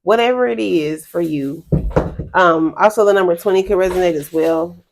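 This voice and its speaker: A woman's voice: lowish voice, moderate pace, gravelly, slight background noise. A woman giving a casual spiritual reading to her viewers, rambling and chatty, laughing often and calling them y'all. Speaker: spiritual reader.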